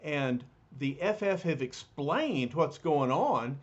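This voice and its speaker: A man reading a comic book aloud to a child, getting expressive with the heroes' lines. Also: slow pace, a little hiss or hum. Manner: expressive read-aloud, raises pitch for quoted heroes. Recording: dull lo-fi recording.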